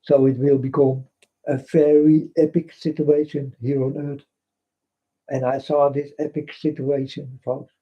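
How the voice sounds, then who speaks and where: A man's voice: a little high, level tone, measured pace, slightly rough. A man with a Dutch accent, a native Dutch speaker, rambling through a spiritual vlog monologue in broken English, repeating himself and calling out to his folks. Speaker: vlogger. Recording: dull lo-fi recording.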